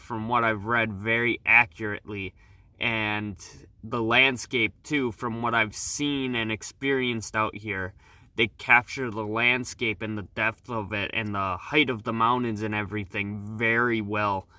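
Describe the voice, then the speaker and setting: A man talking casually as a travel vlogger, relaxed and rambling with fillers, on a new microphone. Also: mid-range voice, no room sound. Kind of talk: casual vlog review.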